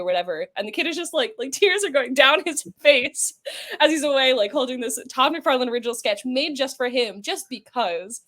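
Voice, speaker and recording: A woman's voice: sits high, animated, brisk, a bit bright. A woman guest on a podcast, chatting casually and telling long rambling stories full of fillers. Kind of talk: casual interview chat.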